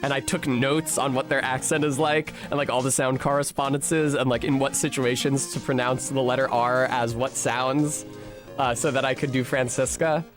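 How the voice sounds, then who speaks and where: A streamer casually talking over a video game, in an animated, chatty and profane way. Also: male voice, mid-range voice, normal speed, music in the background.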